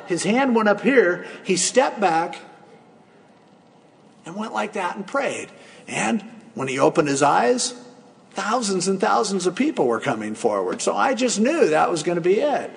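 A man's voice: high-pitched, gravelly, in a large hall. A male pastor preaching a sermon in a conversational, storytelling way, acting out quotes as he goes.

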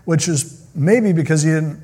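A man's voice: on the high side, unhurried, warm tone, husky. A man preaching a sermon, retelling a Bible story in a casual, joking way. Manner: casual, joking storyteller who acts out quotes. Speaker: pastor.

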